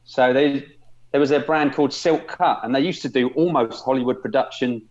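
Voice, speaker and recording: A man's voice: medium pitch, a little fast. A man, a podcast guest, rambling through anecdotes with many restarts. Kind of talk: casual chat. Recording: dull lo-fi sound.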